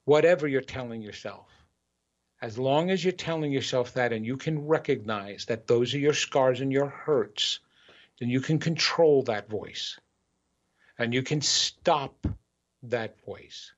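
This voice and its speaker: A man's voice: mid-range voice, unhurried. A man hosting a spiritual talk show, speaking earnestly and repeating phrases to build emphasis in a motivational address. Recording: dull lo-fi recording.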